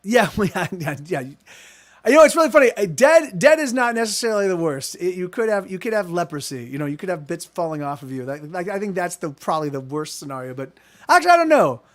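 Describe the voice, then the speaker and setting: A man's voice: high-pitched, expressive, brisk, a bit bright. A man who streams music live, chatting to viewers in a rambling, self-interrupting way between songs he plays and sings. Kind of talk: live-stream chat and singing to guitar. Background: guitar.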